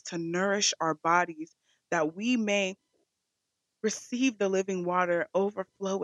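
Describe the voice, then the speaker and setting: A woman's voice: on the low side, dry recording, highs cut off. A woman hosting a devotional podcast, speaking in a fervent, repetitive prayer cadence. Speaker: podcast host.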